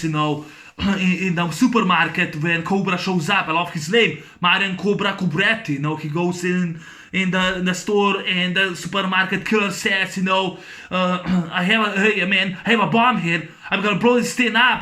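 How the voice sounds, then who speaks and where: A man recording a casual movie discussion video, rambling excitedly with many restarts and fillers. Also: high-pitched. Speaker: YouTube film reviewer.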